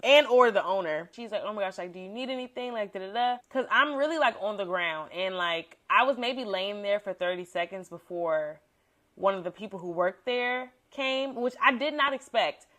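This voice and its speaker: A young woman hosting a podcast, telling a story at her own middle pitch. She talks in a casual, slangy way and acts out quotes with sudden jumps in her voice. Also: moderate pace, fairly bright tone. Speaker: podcast host.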